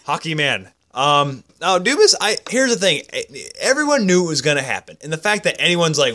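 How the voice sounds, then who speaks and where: A young man co-hosting a sports podcast, jumping quickly between tangents in casual chat. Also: fairly high pitch, big pitch swings, pushed and bright. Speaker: podcast co-host.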